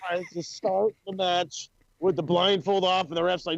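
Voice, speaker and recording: A man's voice: high voice, normal speed, gravelly, dry recording, lo-fi sound. A man co-hosting a wrestling podcast in casual chat, swearing freely and acting out quotes in funny voices. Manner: profane, excitable, acts out quotes in funny voices.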